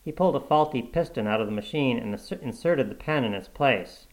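A man narrating a short story in a measured, even audiobook reading. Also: medium pitch, low-quality recording.

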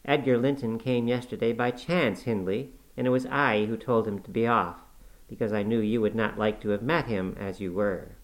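A man's voice: lowish voice, fairly even intonation, normal speed, lightly acted, low-quality recording. A man voicing a wilful, peevish young woman who answers curtly and sulkily. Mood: sulky. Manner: sulky, curt replies.

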